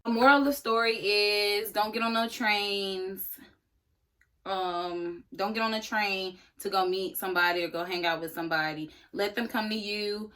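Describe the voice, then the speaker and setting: A young woman vlogger telling a story in a casual, animated, slangy way, speaking straight to her viewers. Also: mid-range voice, moderate pace.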